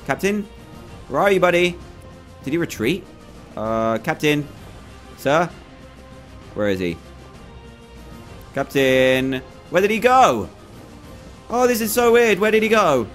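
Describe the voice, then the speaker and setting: A man giving excitable, chatty commentary over his own gameplay, with frequent exclamations. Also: a little high, slow, pauses often, soft background music. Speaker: gaming video host. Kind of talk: let's play commentary.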